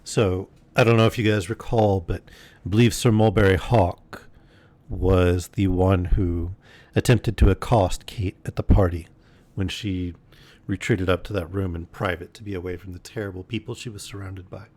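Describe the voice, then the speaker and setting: A man reading a classic novel aloud as a bedtime story on a livestream, measured and unhurried, with casual asides to listeners. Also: low voice, fairly even intonation, a little mellow, no echo. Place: home streaming setup.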